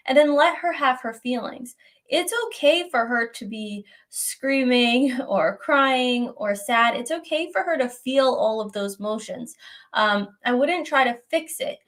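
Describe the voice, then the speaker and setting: A young adult woman hosting a live question-and-answer stream, giving advice in a conversational, gently reassuring way and often checking in with "right?". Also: a little high, measured pace. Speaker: host answering viewer questions.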